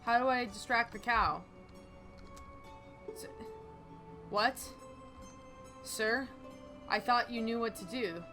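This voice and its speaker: Gaming host, female, chatty let's-play commentator who reacts out loud, with a bright, crisp tone. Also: a little high, slow, pauses often, soft background music. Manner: chatty, exclaims and talks back to the game.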